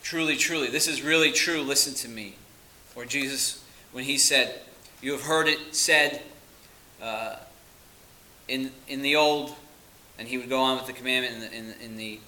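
Male pastor, very bright tone, earnest emphatic delivery. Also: mid-range voice, fairly even intonation, moderate pace, poor audio. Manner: earnest preaching with emphatic repetition. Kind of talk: sermon.

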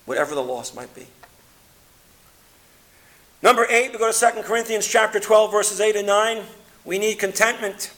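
A man preaching a sermon, reading scripture aloud and swinging between loud emphatic peaks and quiet low passages. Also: moderate pace, pauses often. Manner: reads scripture aloud in King James wording.

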